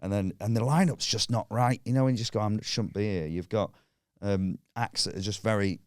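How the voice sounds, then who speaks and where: A man telling a comedy anecdote on a podcast, animated and sweary, acting out voices. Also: lowish voice, fairly quick, smooth, dry recording, studio quality. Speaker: stand-up comedian guest. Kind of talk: casual podcast storytelling.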